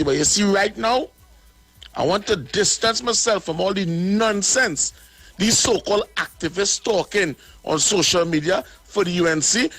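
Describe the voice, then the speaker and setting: A man's voice: sits high, fairly bright tone, dry recording. A man with a Trinidadian accent giving blunt, indignant political commentary as a caller, often repeating words as he goes.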